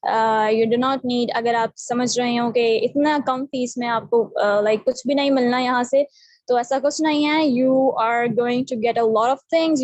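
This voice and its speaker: A woman's voice: a little high, a little mellow, no echo, poor audio. A young Pakistani woman teaching an online class over a video call, mixing English and Urdu with many fillers.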